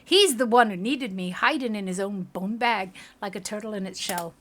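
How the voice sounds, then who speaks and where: A woman's voice: mid-range voice, moderate pace, fairly bright tone, natural voice. Woman doing a brash Scottish-tinged spirit. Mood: scornful. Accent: put-on Scottish. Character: rough-tongued awakened woman's soul, brash and scornful. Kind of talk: reading a game aloud.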